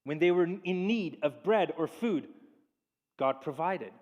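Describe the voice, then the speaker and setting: A man preaching a sermon as a pastor, lively and acting out the voices in the stories he tells. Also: on the high side, unhurried, highs cut off. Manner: animated preaching, acts out quoted speech. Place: church sanctuary. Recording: long church reverb.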